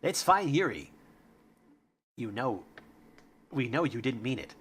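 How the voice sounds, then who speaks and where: A man voicing a calm, unsettling club president girl in a flat, robotic monotone while playing a game. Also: medium pitch, a little slow, slight background noise.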